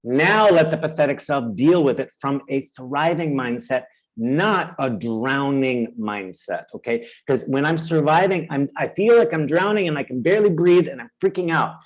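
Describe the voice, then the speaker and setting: A man presenting a webinar who acts out inner voices with sudden high cries and keeps checking in with his audience. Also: animated, normal speed, rough recording. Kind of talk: webinar teaching.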